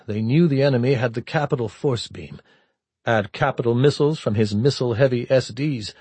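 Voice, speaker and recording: A man reading an audiobook narration in a steady, measured way. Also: medium pitch, husky, no room sound. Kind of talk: scripted narration.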